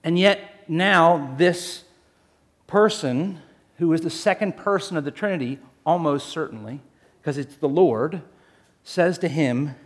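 A man preaching a sermon, telling a story in a lively, jokey way and speaking straight to the congregation. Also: fairly high pitch, a little slow. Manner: animated, jokey storytelling addressing the congregation as folks. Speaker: pastor.

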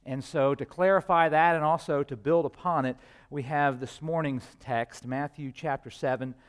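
A man preaching a sermon to his congregation, earnest and with frequent filler pauses. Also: fairly high pitch, steady tone. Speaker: pastor.

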